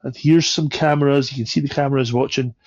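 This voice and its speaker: A man's voice: medium pitch, steady tone, quick pace, darkish tone, no room sound. A man on a podcast, telling a travel anecdote with swearing and laughter. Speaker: podcast guest. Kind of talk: casual storytelling. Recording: dull, lo-fi sound.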